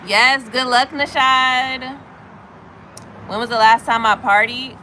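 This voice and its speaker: Bright-voiced woman in her thirties, animated. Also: slow, slight background noise, rough recording. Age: 30s. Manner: animated, acts out other people's lines in a high voice. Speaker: livestreamer chatting with viewers. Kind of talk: casual storytelling chat.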